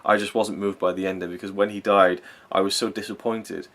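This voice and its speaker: A man's voice: low-pitched, little pitch movement, brisk, fairly bright tone. A young man giving a rambling, enthusiastic spoken film review, full of fillers and self-corrections.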